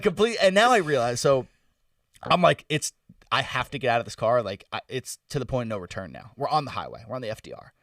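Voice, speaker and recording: Co-host: a young guy with a slightly high voice, rambling and animated, sitting back from the mic in a dry room. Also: no room sound, distant mic. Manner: loose and animated, lots of "like" and "bro". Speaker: podcast co-host. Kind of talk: casual storytelling chat.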